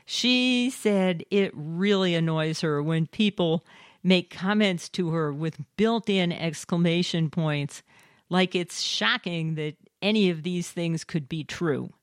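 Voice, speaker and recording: A woman's voice: fairly low pitch, slow, clean tone, no room sound, clean studio sound. A woman co-hosting a show, telling stories and reading listener submissions in a matter-of-fact way. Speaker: co-host.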